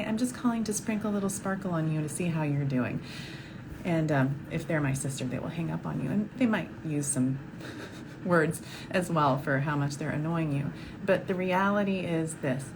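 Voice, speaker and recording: A woman doctor hosting a question-and-answer show, talking casually and effusively to camera, laughing often. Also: deep voice. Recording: audible background noise.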